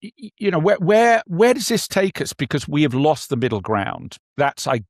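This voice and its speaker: A man co-hosting a casual political talk show, speaking haltingly with many fillers and restarts. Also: on the high side, big pitch swings, dry recording, studio quality. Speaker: podcast co-host.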